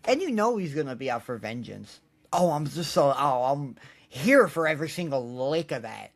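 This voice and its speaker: A young man co-hosting a casual podcast, animated and quick to laugh as he gushes over big moments. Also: on the high side. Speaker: podcast co-host. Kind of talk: casual chat.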